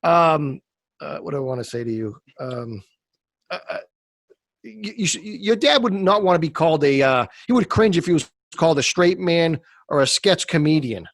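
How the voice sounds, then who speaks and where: A man hosting an interview, chatty, with lots of fillers and quick reactions. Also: a little high, expressive, gravelly, no room sound, clean studio sound. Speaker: podcast host, interviewer. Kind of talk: casual interview.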